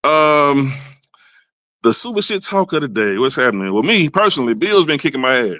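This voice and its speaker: A man hosting a comedy podcast with a loud, rowdy monologue, dropping to low mutters and jumping to high exclamations. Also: very animated, a little fast, no room sound. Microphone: desk mic, livestream.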